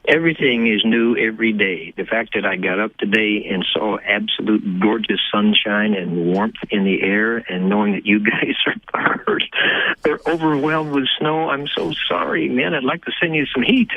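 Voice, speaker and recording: Older Texan man, low and husky, animated guest storyteller who laughs a lot, heard over a tinny phone line. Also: normal speed, no room sound. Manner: warm, laughing, enthusiastic storyteller. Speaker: guest actor. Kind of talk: phone interview, casual storytelling. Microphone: telephone.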